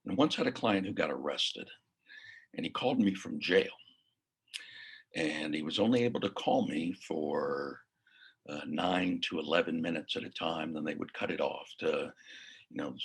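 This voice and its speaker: A man who works as a mindfulness coach, teaching in a casual, unhurried way and sometimes dropping to a whisper. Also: very deep voice, fairly bright tone, husky. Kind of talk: casual spoken lesson.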